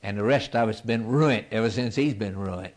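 A man preaching a sermon in a rhythmic, repetitive cadence, swinging between near-shouts and hushed whispers. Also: fairly low pitch, normal speed. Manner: impassioned, rising to near-shouts and dropping to whispers.

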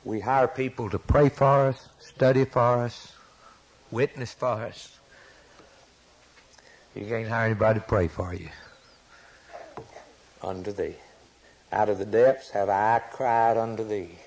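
Slow, husky male preacher. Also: on the low side, steady tone, poor audio. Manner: impassioned, rising to sudden loud peaks. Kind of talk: sermon.

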